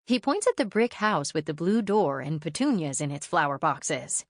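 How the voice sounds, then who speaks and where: A woman reading a children's audiobook aloud in first person, lively and expressive storytelling. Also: sits low, normal speed, few pauses, dry recording, studio quality. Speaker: audiobook narrator.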